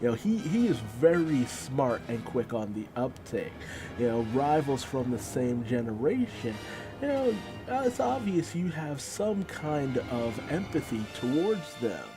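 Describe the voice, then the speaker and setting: A man's voice: medium pitch, very animated, a little slow, music in the background. A man casually recapping and reviewing a manga chapter in a loose, rambling storytelling manner.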